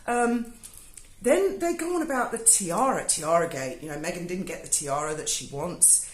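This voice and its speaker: British woman, sarcastic, sweary, lively pitch, echoey room. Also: moderate pace, a little hiss or hum. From Britain. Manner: sarcastic, swears freely, mocking asides. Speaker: YouTuber. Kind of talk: sarcastic review monologue. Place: home in Spain.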